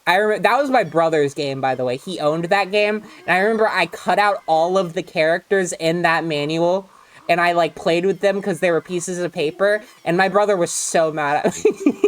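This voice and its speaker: A woman's voice: on the low side, moderate pace. A woman casually chatting and swearing while streaming a video game, rambling with frequent laughs.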